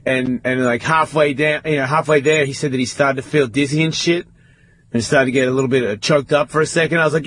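Husky swearing man telling a story. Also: medium pitch, no room sound. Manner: swearing often, animated retelling. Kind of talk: casual storytelling.

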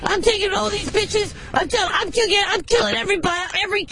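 A squeaky unhinged scorpion caller. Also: male voice, fast, a crowd in the background. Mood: manic ranting. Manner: profane, manic, shouting, stammering. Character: deranged male scorpion, unhinged war-veteran ranting.

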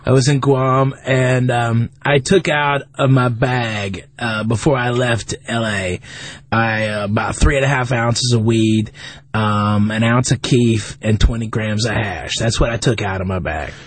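A man's voice: medium pitch, steady tone, measured pace, no echo. A man telling a long, profane, rambling story as a comedian guest on a radio show, with many restarts.

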